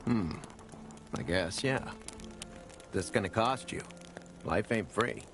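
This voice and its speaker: Deep gruff hunter who wants paying, sardonic, game music under it. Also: male voice, animated, slow pace. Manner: sardonic, haggling. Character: gruff male hunter, greedy, blunt. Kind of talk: video game dialogue.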